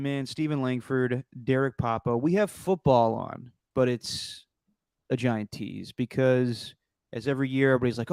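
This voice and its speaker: Male podcast co-host, mid pitch, loose rambling delivery, dry recording. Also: fairly even intonation, normal speed, a little mellow, clean tone, dry recording. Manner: rambling, restarts with many you-knows. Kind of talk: casual sports chat.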